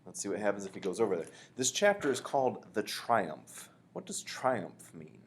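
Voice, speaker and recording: Brief: lively male storyteller, lower voice, animated reading. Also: moderate pace, slight background noise. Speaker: reader. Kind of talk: reading a children's book aloud.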